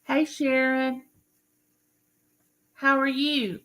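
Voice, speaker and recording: A woman's voice: high-pitched, level tone, extremely slow, a bit bright, low-quality recording. An older woman from Mississippi, hosting a rambling live stream and greeting viewers by name.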